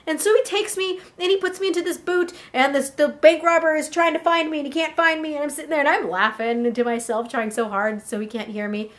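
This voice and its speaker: High-voiced woman telling a tale. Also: a little fast, hardly any pauses. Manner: animated, breathless tale-telling. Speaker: vlogger. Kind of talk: casual first-person storytelling.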